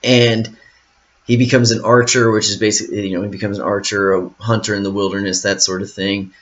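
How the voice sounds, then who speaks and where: A man with a fairly low voice reads a Bible passage and then talks it through in a loose, rambling way, leaning on fillers as he thinks aloud. The recording sounds dull and lo-fi. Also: little pitch movement, fairly quick, a bit bright. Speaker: Bible study teacher. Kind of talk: reading scripture then casual explanation.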